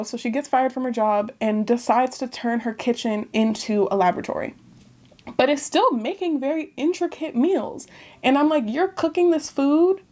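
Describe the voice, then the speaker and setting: A woman chatting casually to camera as she reviews a book, animated and talkative, often laughing between remarks. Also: on the high side.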